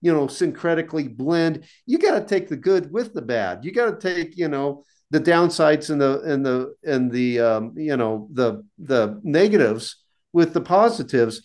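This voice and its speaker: A man's voice: fairly high pitch, lively intonation, normal speed, darkish tone, natural voice. A no-nonsense male magician, as a man puts him on while retelling a joke, lecturing bluntly in a slightly raised voice. He talks firmly to a fellow practitioner. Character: grounded, skeptical male magician lecturing a peer.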